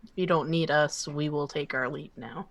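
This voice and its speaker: A woman's voice: sits low, moderate pace. A woman playing in a tabletop game, chatty and laughing, with many fillers. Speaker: player. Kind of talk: casual tabletop play.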